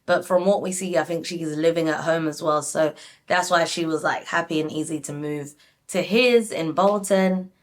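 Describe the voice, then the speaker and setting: Chatty woman with a low voice. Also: moderate pace. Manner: animated, frequent "like", addresses viewers. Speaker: reality TV recap YouTuber. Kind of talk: casual chatty review.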